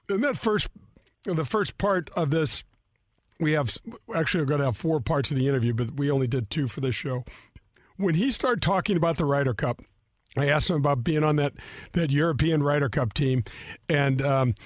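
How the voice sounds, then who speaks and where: Lively storytelling male golf show host. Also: a little high, dry recording, studio quality. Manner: animated storyteller, laughs often, acts out quotes. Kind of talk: casual radio show chat. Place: radio studio.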